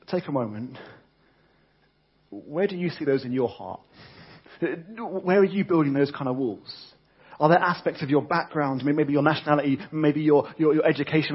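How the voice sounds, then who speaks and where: A man preaches a sermon in a conversational way, often restarting and repeating words. His voice sits somewhat high and has a husky edge. The recording sounds dull and lo-fi.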